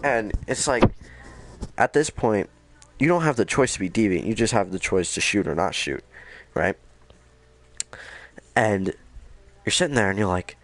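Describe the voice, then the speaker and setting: A young man casually recapping a video game, energetic and rambling, with lots of swearing. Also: lowish voice, measured pace, long pauses, background noise. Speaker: gaming video host.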